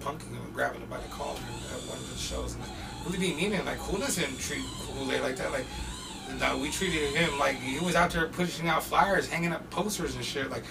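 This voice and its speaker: Man, profane street storyteller, gravel in the voice, fairly high pitch, sits back from the mic, noisy room. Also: brisk, distant mic. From Portland, US. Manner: profane, laughing, animated storyteller. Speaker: podcast guest. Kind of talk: casual storytelling chat.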